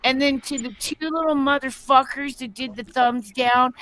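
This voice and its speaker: A woman's voice: sits high, steady tone, moderate pace, hardly any pauses, crowd noise, rough recording. A woman co-hosting a casual live show who talks bluntly and swears freely. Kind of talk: casual live-stream chat.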